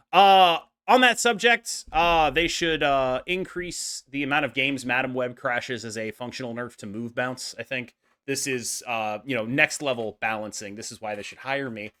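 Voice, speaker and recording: A man hosting a casual gaming podcast, animated and jokey, laughing often. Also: fairly high pitch. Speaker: podcast host.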